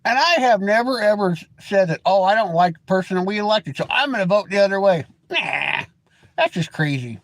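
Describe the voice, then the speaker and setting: A man's voice: sits high, lively intonation, fairly quick. A middle-aged man hosting a live stream, chatting loosely with folksy, opinionated ranting. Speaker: livestream host. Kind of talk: rambling live stream chat.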